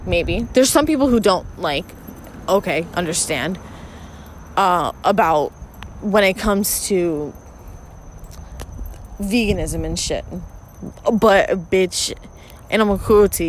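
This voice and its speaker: A woman's voice: mid-range voice, slight background noise, low-quality recording. A woman podcast host ranting frankly and with plenty of swearing while out walking her dog, recorded on a phone. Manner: rambling, profane, frank. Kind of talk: casual solo rant. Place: outdoors on a walk with her dog.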